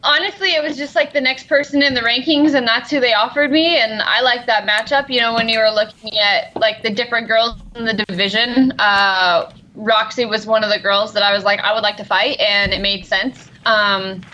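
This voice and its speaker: Bright-voiced woman on a dull call line. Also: a little high, steady tone, moderate pace, hardly any pauses, slight background noise. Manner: easygoing, many "like" and "um" fillers. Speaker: guest fighter. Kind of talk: interview answers. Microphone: remote call line.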